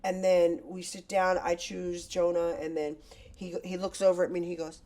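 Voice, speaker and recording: Brief: middle-aged woman, low-pitched, blunt and candid, casual guest chat. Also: little pitch movement, moderate pace, dark tone. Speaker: podcast guest.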